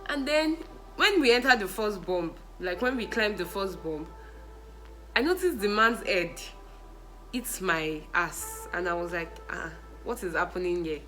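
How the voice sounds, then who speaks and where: A young woman with a Nigerian accent telling funny personal stories in a casual vlog, animated and often laughing. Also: on the low side, measured pace, soft background music, poor audio. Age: young adult. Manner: animated, laughing, mixes in pidgin and Yoruba exclamations. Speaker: vlogger.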